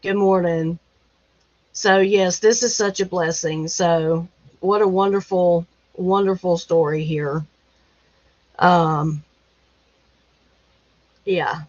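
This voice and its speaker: A woman's voice: fairly low pitch, steady tone, slow, pauses often, darkish tone, dry recording, dull audio. A woman hosting a casual livestream, reading news headlines aloud with lots of laughter and folksy exclamations. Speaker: livestream host. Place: rural home.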